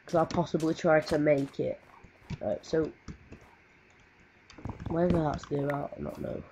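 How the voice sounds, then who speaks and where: A woman's voice: deep voice, steady tone, unhurried. A woman, giving rambling, swear-heavy casual commentary while playing a game. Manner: rambling, swears often, sings to herself. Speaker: gaming video creator. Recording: muffled noisy home mic.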